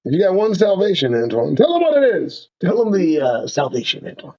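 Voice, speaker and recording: A man hosting a streamed talk show, preaching in a fiery, profane rant. His voice sits high and swoops widely up and down. The sound is dull and lo-fi. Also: brisk. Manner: profane, preaching, lively ups and downs. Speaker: show host. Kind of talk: impassioned ranting commentary.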